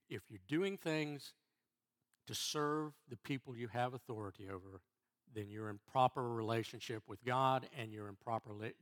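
Male church elder, middle-aged, sermon, repeats and restarts, mid-pitched voice. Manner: halting, repeats words and restarts, then stresses key phrases.

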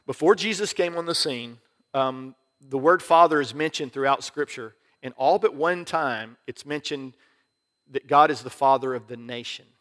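A pastor giving a sermon in an easygoing conversational way, often dropping to a soft hush and laughing as he goes. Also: mid-range voice, moderate pace. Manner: acts out prayers in quiet voices, laughs often. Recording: long hall reverb.

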